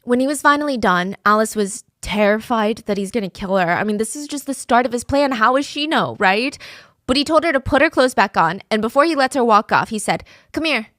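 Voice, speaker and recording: A woman's voice: a little high, animated, fairly quick, a bit bright, dry recording, clean studio sound. A woman telling a true crime story in a casual, conversational way, with fillers like "like" and "I mean".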